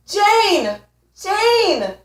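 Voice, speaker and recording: A man's voice: very high voice, a bit bright, far from the mic, pitched above the performer's own voice, full character voice. Woman doing a squealing lovestruck ex. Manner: squealing, begging. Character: lovestruck ex-boyfriend calling up, man. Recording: echoey room, voice off mic.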